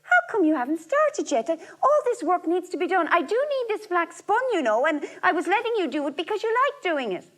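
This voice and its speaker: A woman voicing a brisk fairy-tale queen, coaxing but firm. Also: very high-pitched, sing-song, fairly bright tone, voice pushed up, exaggerated voice.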